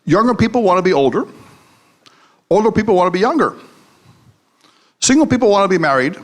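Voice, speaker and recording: A psychologist and podcast host with a high-pitched, very animated voice delivers a brisk, comedic motivational talk live. He mixes jokes and anecdotes with questions to the audience.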